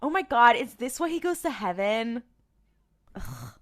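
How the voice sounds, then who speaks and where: A woman's voice: a little high, wildly swooping pitch, measured pace. A young adult woman co-hosting a podcast in casual chat, swearing freely, stammering and trailing off. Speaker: podcast co-host.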